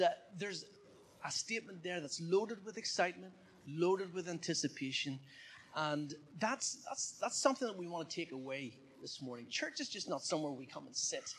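A man's voice: on the high side, fairly bright tone, slight background noise. Man preaching a sermon. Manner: conversational, asks the congregation questions. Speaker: pastor. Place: church.

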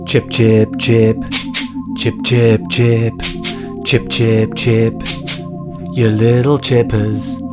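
A man hosting a comedy podcast, reading a scripted monologue in a solemn, mock-ceremonial deadpan. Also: lowish voice. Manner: solemn mock-ceremonial delivery, slow chanting of a creed. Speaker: podcast host. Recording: loud guitar music behind.

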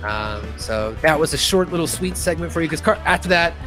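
A man hosting a podcast in casual chat, recapping an episode in an animated way. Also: fairly quick, music in the background. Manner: animated episode recapping with lively pitch swings. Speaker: podcast host.

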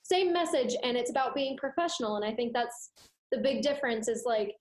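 A young woman co-hosts a student podcast, her voice a bit high as she chats casually. She acts out the voices she quotes and fills her sentences with little hedges, all in a noticeably echoey room. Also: a little fast. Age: young adult. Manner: animated, acts out quoted voices, many fillers. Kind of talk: casual chat.

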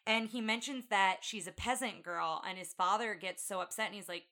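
A woman's voice: medium pitch, moderate pace, few pauses. A woman co-hosting a podcast, animatedly retelling a film scene by scene and acting out the characters' lines. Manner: animated storyteller, acts out quotes. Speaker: podcast co-host. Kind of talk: casual film recap chat.

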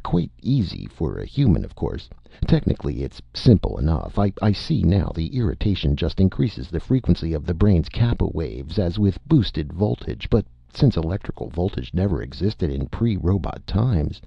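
A man's voice: sits low, sing-song, moderate pace, creaky, husky, dry recording, dull audio, full character voice. A man voicing a pedantic male robot from the future who turns tipsy, in an audiobook reading. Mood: pompous. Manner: pedantic, slurring after the jolt.

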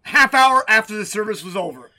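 Bright-voiced pastor telling a story. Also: male voice, sits high, brisk. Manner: animated, storytelling with restarts. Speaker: pastor and radio show host. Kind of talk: casual chat.

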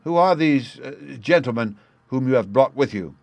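A man's voice: medium pitch, lively intonation, moderate pace, a little mellow, no room sound, voice pushed up, natural voice. A man reading the part of a frightened male company manager who speaks with forced politeness. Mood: strained courtesy.

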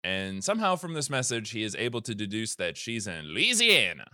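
A man's voice: lowish voice, huge pitch swings, fairly quick, sharp tone, dry recording, clean studio sound. A man hosting a casual comedy podcast, recapping a story with a rambling, jokey manner and lots of fillers. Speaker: podcast host recapping game lore.

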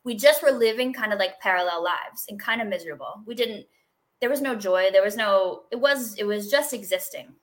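A middle-aged woman, a guest in an interview, telling her healing story in a chatty, expressive way with lots of fillers and laughter. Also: mid-range voice, a little fast. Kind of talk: casual interview conversation.

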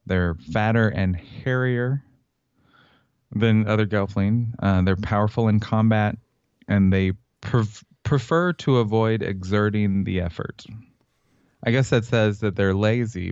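A man's voice: on the low side, slow, a little mellow, clean tone, no room sound, dull audio. A man co-hosting a casual fan podcast, chatty and reading out descriptions. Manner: chatty, reads out descriptions, laughs easily. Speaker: podcast co-host.

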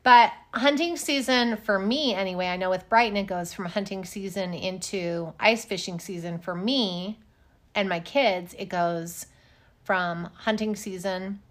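A woman's voice: mid-range voice, unhurried, fairly bright tone. A middle-aged woman from Wyoming co-hosting a casual chat, telling stories with sarcasm and swearing freely. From Wyoming, United States. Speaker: podcast co-host.

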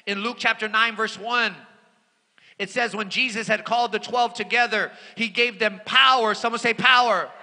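Man, preacher, sermon, very high voice, animated, hushed to shouting, long hall reverb. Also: normal speed. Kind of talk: sermon with personal storytelling.

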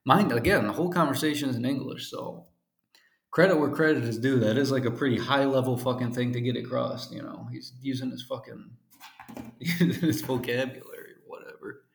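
A man's voice: medium pitch, brisk, gravelly. A man who works as an English teacher tells a funny story in a casual, profane, laid-back way, laughing now and then. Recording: roomy echo.

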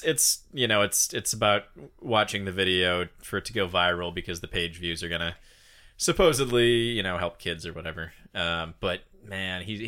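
A man's voice: low voice, bright, forceful tone. A man sitting in as a podcast guest, joking crudely and stammering often. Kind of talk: casual podcast chat.

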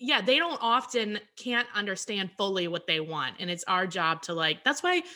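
A woman's voice: mid-range voice, expressive, normal speed, pushed and bright. A woman co-hosting a casual chat show, blunt and joking in a wry way. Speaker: podcast co-host.

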